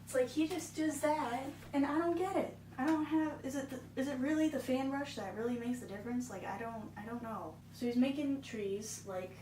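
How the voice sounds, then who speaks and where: A woman's voice: high-pitched, moderate pace, hardly any pauses, mellow. A woman vlogger giving casual, self-deprecating commentary while painting along, with exasperated asides. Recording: echoey room, far from mic, noisy.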